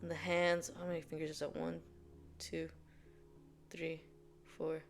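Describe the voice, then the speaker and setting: A woman's voice: deep voice, level tone, unhurried, soft background music. A woman hosting a casual explainer video, rambling with lots of fillers and laughing often. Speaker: video host.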